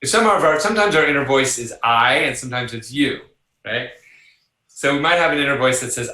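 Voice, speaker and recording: Bright-toned older man in a roomy space. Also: mid-range voice, moderate pace. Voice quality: animated, acts out voices in anecdotes. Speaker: psychologist guest. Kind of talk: conversational interview.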